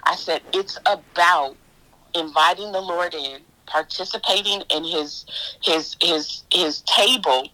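Woman, guest minister, animated storyteller, bright crisp voice, faith testimony. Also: fairly low pitch, slow pace, poor audio. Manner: animated storyteller, retells her own words in quotes.

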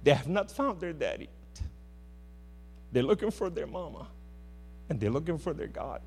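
A man preaching a sermon in church, impassioned, swinging between loud outbursts and hushed words. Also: fairly high pitch, very animated, normal speed, breathy edge. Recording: hum in a reverberant hall.

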